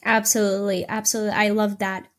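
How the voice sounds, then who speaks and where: A woman's voice: mid-range voice, flat delivery, quick pace. A woman hosting a podcast interview, affirming her guest and explaining her thoughts with some hesitant restarts. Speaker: podcast host. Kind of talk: interview conversation.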